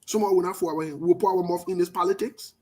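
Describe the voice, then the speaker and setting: A man with a Liberian accent giving emphatic political commentary, talking loudly and repeating his points. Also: sits high, level tone, fast. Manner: forceful, emphatic, repetitive, passionate.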